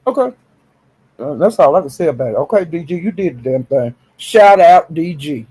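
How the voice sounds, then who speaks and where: A man talking casually and sassily on a live stream, swinging into high exclamations. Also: sing-song, moderate pace, mellow, breathy edge.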